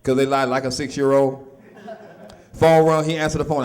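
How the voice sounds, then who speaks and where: A man's voice: medium pitch, little pitch movement, fairly quick, darkish tone. A middle-aged man doing a stand-up routine in a loose, conversational way, full of asides to the crowd. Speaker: stand-up comedian.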